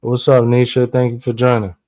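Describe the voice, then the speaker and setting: A man's voice: mid-range voice, completely flat delivery, a little fast, mellow, no room sound. A man co-hosting a casual online chat, easygoing and agreeable, laughing often.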